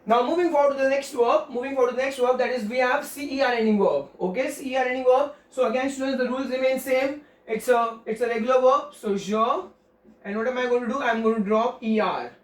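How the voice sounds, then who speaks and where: A man's voice: extremely high pitch, fast talker. A man with an Indian accent, teaching a grammar lesson to students, repeating points and spelling words letter by letter. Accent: Indian English. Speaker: French teacher. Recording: echoey room, mic at a distance.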